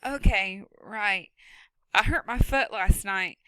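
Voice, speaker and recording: A woman voicing a frightened, injured boy who stammers in a high, strained voice. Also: slow pace, bright, forceful tone, smooth, no room sound, low-quality recording. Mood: nervous.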